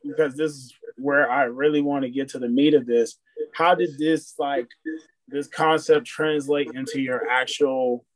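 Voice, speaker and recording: A man's voice: medium pitch, fairly even intonation, a little slow, dry recording, rough recording. Man asking rambling questions, dry sound. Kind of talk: interview questions.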